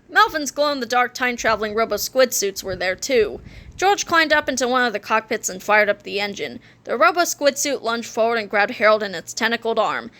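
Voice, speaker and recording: A woman reading a children's chapter book aloud, with expressive, animated storytelling. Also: fairly high pitch. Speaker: read-aloud narrator.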